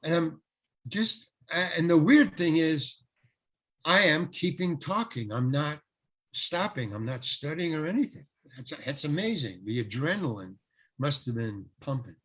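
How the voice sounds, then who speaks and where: An older male actor, a guest on an interview, telling rambling, animated anecdotes full of restarts. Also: on the high side, unhurried, slightly rough. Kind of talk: casual storytelling interview.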